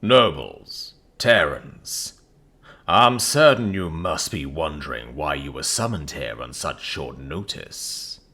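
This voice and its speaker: A man voicing a grandiose god-king emperor who booms slowly in an affected mid-Atlantic accent. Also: expressive, bright, forceful tone, husky, exaggerated voice. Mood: grandly menacing. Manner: booming, drawn-out, theatrical.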